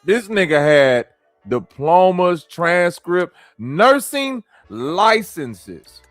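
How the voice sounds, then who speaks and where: A man's voice: a little high, expressive, moderate pace, a bit bright, no echo, faint music behind. A man from the American Midwest hosting a stream, reacting to clips and talking to his chat in blunt, profane slang. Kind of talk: casual commentary with chat.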